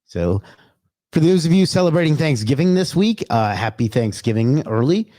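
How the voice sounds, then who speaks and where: A man's voice: on the high side, very animated, moderate pace, mellow, dry recording. A man hosting a casual livestream, greeting viewers by name and chatting loosely, with the odd curse. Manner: loose and chatty, swears, talks to himself. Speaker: livestream host.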